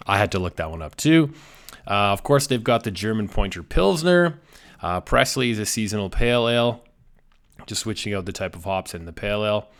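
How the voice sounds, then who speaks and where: Chatty low-voiced man rambling casually. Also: lively intonation, a little fast. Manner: chatty, rambling with many fillers. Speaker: beer reviewer. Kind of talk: casual chat.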